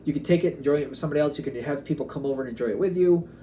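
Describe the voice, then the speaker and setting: Musing man giving a mellow tarot reading. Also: on the high side, racing, slight background noise. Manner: musing, wandering, acts out quoted back-and-forth exchanges. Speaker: tarot reader.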